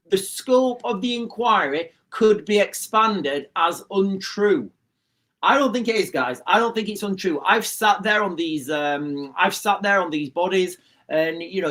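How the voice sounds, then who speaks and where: A man's voice: high-pitched, a bit bright. A man, hosting a casual political commentary livestream, repeating himself and calling the viewers guys. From Rotherham, England. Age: 40s. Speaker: livestream host.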